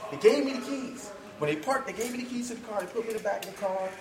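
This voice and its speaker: A man spins a story in casual talk, slipping into the voices of the people in it and laughing as he goes. His voice sits high for a man. The room is echoey, with a crowd of voices behind him. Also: rapid-fire, distant mic. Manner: animated, acts out quoted voices, laughs often, swears freely. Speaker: podcast guest, combat sports fighter.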